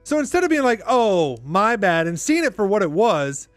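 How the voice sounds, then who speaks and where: A man's voice: sits high, sing-song, fast, no echo, soft background music. A man hosting a podcast, giving rambling, exasperated commentary full of "like". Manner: rambling, exasperated, heavy use of "like". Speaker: podcast host. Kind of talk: casual reaction commentary.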